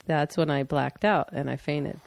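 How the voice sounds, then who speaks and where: Young woman, low gravelly voice, candid rambling chat, dry close sound; casual talk. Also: steady tone, normal speed, no room sound. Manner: candid, rambling, laughs often. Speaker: partner sharing a personal story. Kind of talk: casual conversation.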